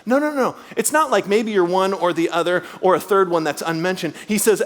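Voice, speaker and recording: A middle-aged man preaching a sermon as a guest speaker, animated, swinging between loud lines and hushed asides. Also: high voice, brisk, few pauses, long reverb tail. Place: church.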